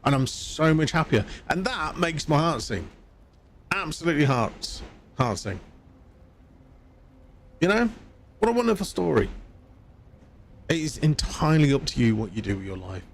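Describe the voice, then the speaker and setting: A man's voice: on the high side, sing-song, normal speed, long pauses, a little hiss or hum. Rambling, chatty male game streamer. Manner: rambling, chatty, laughs at himself. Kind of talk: casual live-stream chat while gaming.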